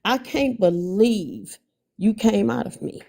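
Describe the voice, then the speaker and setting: Angry, gravelly-voiced woman on a livestream. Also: medium pitch, expressive, slow, darkish tone. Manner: blunt, angry, cutting. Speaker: guest mother on a livestream. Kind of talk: heated livestream talk.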